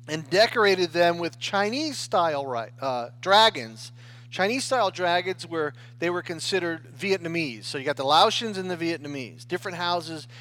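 An American pastor with a high, slightly bright voice preaches in a relaxed, conversational way. Like everyday talk, he restarts phrases and keeps pausing to check in with listeners, often tossing in "right?"

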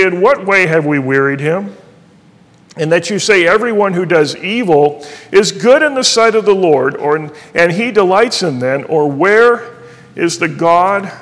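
Middle-aged male pastor, high-pitched, earnest sermon delivery, reverberant church hall. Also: animated, a little slow, a bit bright. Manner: earnest preaching, reading scripture aloud.

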